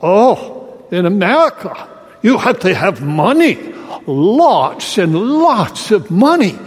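A man's voice: sits high, very animated, slow, husky, full character voice. A man putting on a blunt young Scandinavian student. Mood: frank. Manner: frank, matter-of-fact remarks. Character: young male Swedish medical student, blunt. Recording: long hall reverb.

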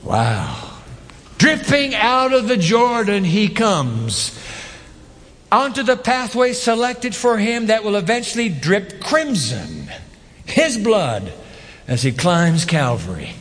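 A man preaching a sermon as pastor, animated, with rhetorical questions and emphatic repetition. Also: high voice, slow, in a large hall.

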